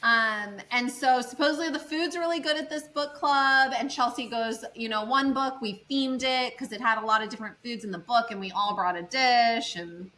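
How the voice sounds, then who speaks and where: A woman's voice: on the high side, normal speed, hardly any pauses, rough recording. A woman co-hosting a podcast, chatting casually and acting out other people's lines as she tells a story. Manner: animated storyteller acting out quotes. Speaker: podcast co-host. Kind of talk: casual chat.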